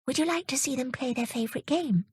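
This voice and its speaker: A woman voicing a kindly young sea fairy girl in a storybook reading, speaking softly with a high, lilting lift. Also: quick pace, husky, no echo, studio quality. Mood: gentle.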